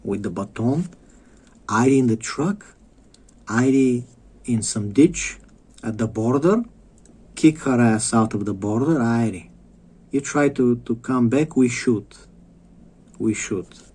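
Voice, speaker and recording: Guy ranting slow, low mellow voice, keeps swearing and circling back. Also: expressive, slightly rough. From Bulgaria. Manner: rambling, swears a lot, repeats himself. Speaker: vlogger. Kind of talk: profane monologue rant.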